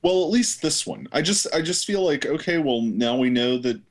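A man co-hosting a casual movie review podcast, talking things through calmly with some swearing. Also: mid-range voice, normal speed. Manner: relaxed, analytical with some swearing. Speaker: podcast co-host.

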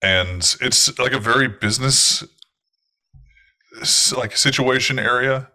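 A man's voice: medium pitch, slow, pushed and bright. A man narrating as game master of a tabletop game, in loose, rambling storytelling with fillers.

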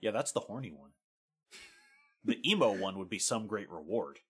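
A man's voice: lowish voice, lively intonation, moderate pace, fairly bright tone, breathy edge. A man co-hosting a casual music podcast, giving dry, sarcastic criticism. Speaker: podcast co-host. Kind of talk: casual chat.

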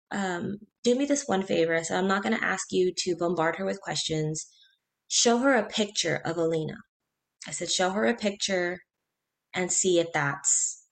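A woman in her thirties, a guest in an interview, telling a personal story in an earnest, halting way, with restarts and quoted speech. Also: lowish voice, vocal fry.

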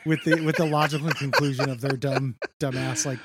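A man's voice: medium pitch, fairly even intonation, normal speed, husky. A man in his forties co-hosting a podcast in casual chat, joking, profane and self-deprecating. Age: 40s. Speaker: podcast co-host.

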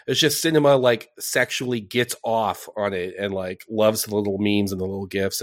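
Blunt, offhand man in casual chat. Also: lowish voice.

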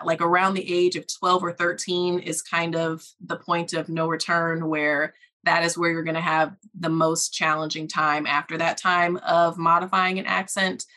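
A woman speech-language pathologist answering questions in a podcast interview, explaining in a measured, deliberate way. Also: on the low side, bright, forceful tone.

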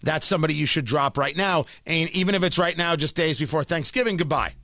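A man hosting talk radio, delivering an emphatic opinionated monologue that swings from loud scolding to low asides, on a studio mic. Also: fast, dry recording. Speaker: radio talk show host.

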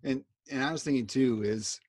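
A man's voice: medium pitch, normal speed, a little mellow, slightly rough, dry recording, clean studio sound. A man hosting a podcast, talking in a rambling, reflective, self-deprecating way. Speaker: podcast host. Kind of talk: casual conversation.

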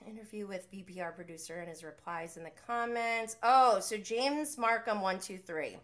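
A young woman hosting a live podcast, chatting casually and animatedly, swinging between low muttered asides and heated rants. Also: fairly bright tone. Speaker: podcast host. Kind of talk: casual live recap chat.

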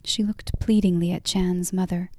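A woman narrating a story in a whispered role-play, softly and unhurriedly. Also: on the low side, steady tone, no room sound, studio quality. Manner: soft, unhurried reading.

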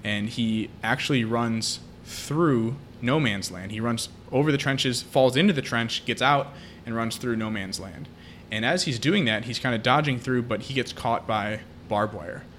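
A man's voice: mid-range voice, unhurried, few pauses, fairly bright tone, slight background noise. Man retelling a film plot. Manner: retelling a film plot at length, with many fillers. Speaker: podcast co-host. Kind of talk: casual podcast chat.

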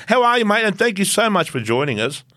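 A man's voice: high-pitched, big pitch swings, fast talker, pushed and bright. A man hosting a podcast, bantering casually with guests, swearing freely and laughing a lot. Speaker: podcast host.

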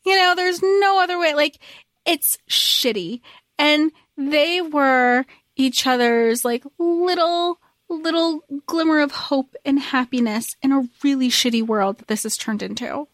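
A woman with a very high voice chats casually as a podcast co-host, retelling a story in a loose, rambling way full of "like". The sound is close and dry, with no room around it. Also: a little slow, fairly bright tone, no room sound. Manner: rambling, recaps with lots of "like". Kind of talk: casual chat recapping a story.

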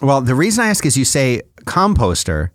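A deadpan man in casual podcast banter, delivering mock-serious points while his pitch moves a lot. He is recorded close and dry. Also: quick pace, no echo. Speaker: podcast co-host.

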